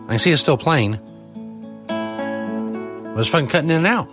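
A man's voice: on the high side, big pitch swings, brisk, pauses often, over music. A man hosting a live studio show, talking casually in a profane, exasperated ranting manner. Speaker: podcast host.

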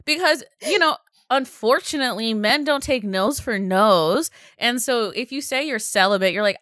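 A woman's voice: a little high, lively intonation, moderate pace, few pauses, fairly bright tone, no room sound, studio quality. A young woman co-hosting a podcast, telling blunt, profane stories in casual chat and acting out the dialogue. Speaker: podcast co-host.

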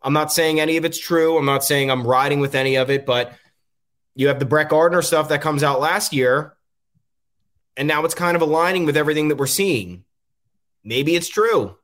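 A man's voice: a little high, moderate pace, fairly bright tone. A man hosting a casual sports talk show, rambling and frustrated, with frequent ums. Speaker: podcast host.

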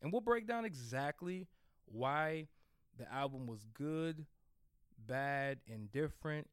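A man's voice: mid-range voice, expressive, slow, clean tone, dry recording, studio quality. A man co-hosting a music podcast in casual chat, laid-back and often repeating words as he talks. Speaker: podcast co-host.

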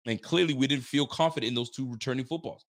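A young man hosting a sports fan livestream, ranting with animated energy, swearing freely and repeating catchphrases. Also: medium pitch, quick pace. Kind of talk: casual fired-up sports commentary.

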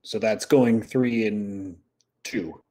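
A man's voice: fairly low pitch, extremely slow, mellow. A man co-hosting a casual sports chat, agreeable and rambling, with frequent fillers. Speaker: co-host.

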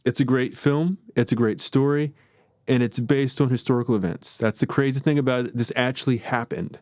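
A man's voice: mid-range voice, steady tone, fairly quick, a little mellow, no echo. Male podcast host, chatty and opinionated, dry close-miked recording. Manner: chatty and rambling, self-described as opinionated. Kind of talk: casual film review monologue.

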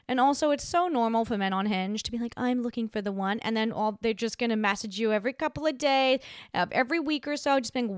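A woman's voice: fairly high pitch, fast, clean tone, no echo, clean studio sound. Sassy, blunt podcast host woman. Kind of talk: casual advice chat.

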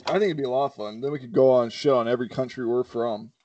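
A man's voice: mid-range voice, fast talker, dark tone, muffled recording. A man hosting a casual podcast, teasing his co-hosts and laughing often as he steers toward the news. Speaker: podcast host leading the segments.

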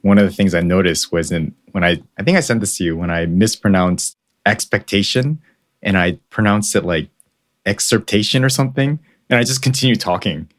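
A man co-hosting a podcast, telling stories in a relaxed, self-deprecating way. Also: sits low, fairly quick. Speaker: podcast co-host. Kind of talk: casual podcast chat.

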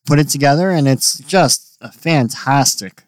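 A young adult man, a band member on a podcast, talking in a halting way with goofy asides. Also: fairly high pitch, no room sound. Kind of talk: casual chat.

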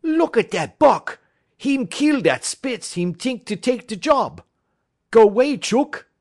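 A rough, excitable sled-dog driver bursts out in loud, broken English, as a male narrator puts him on. His voice leaps well above a plain speaking voice. The recording is dry and close. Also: medium pitch, slow, no room sound, voice pushed up, exaggerated voice. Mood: gleeful.

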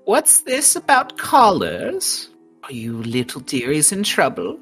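A woman's voice: low-pitched, huge pitch swings, takes it slowly, fairly bright tone, husky, faint music behind, voice pushed up, exaggerated voice. A woman voicing a sly, sickly sweet old hag granny who calls everyone dearie. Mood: sugary scheming.

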